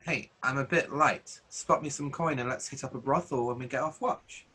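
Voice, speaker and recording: A man's voice: medium pitch, normal speed, bright, forceful tone, lightly acted. An actor playing a cocky male Roman soldier trading crude jokes in an audio drama. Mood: bantering. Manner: cocky teasing banter.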